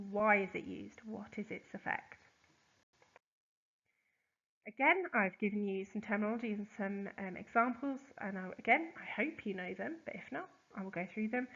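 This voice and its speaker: A woman, a teacher, explains poetry terms in a chatty recorded lesson, with lots of ums and quick examples. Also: mid-range voice, fairly bright tone, dull audio. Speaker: English teacher.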